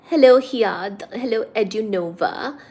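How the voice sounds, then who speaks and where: A woman's voice: fairly high pitch, unhurried, darkish tone. A woman hosting a casual livestream, greeting viewers by name in a playful way and singing bits of songs. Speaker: livestream host.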